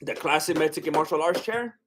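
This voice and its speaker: A man's voice: fairly high pitch, fairly quick, background noise. A young man giving casual live fight commentary as a streamer, exclaiming at big shots and chatting with his viewers.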